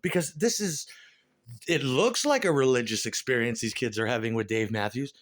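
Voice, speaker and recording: A man's voice: medium pitch, animated, moderate pace. Profane ranting middle-aged man. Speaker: comedian. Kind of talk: stand-up rant.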